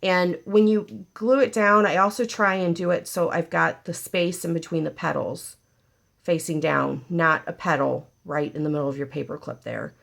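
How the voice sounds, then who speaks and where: A woman's voice: on the low side, fairly even intonation, moderate pace, gravelly. A woman hosting a casual paper craft tutorial, chatty and joking with her viewers as she works. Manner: chatty, jokey, talks to viewers while working.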